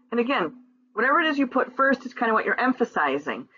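A woman's voice: fairly high pitch, very animated, pushed and bright, lo-fi sound. Woman teacher explaining German exercises. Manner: reads German example sentences slowly and clearly.

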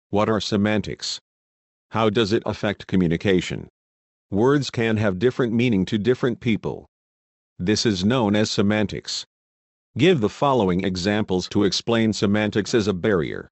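A man reading a lesson aloud in a steady, measured way. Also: fairly low pitch, no echo. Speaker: teacher.

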